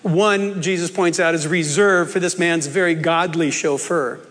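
A man's voice: on the high side, fairly even intonation, measured pace, a bit bright, in a large hall. A man preaching a sermon in an earnest, conversational way, with asides and jokes, in a church.

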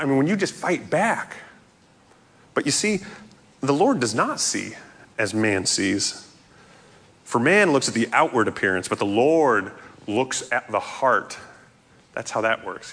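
A man preaching a sermon in an animated, playful way, jumping to loud highs and dropping to quiet asides. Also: husky. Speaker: pastor. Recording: echoey hall reverb.

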